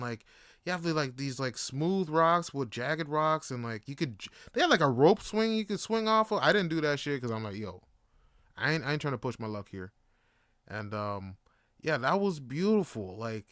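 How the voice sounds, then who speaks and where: A man's voice: fairly high pitch, a bit bright, clean tone, no echo, clean studio sound. A young man from Canada hosting a podcast, talking in a laid-back, rambling way full of fillers and swearing. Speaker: podcast host. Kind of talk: casual monologue.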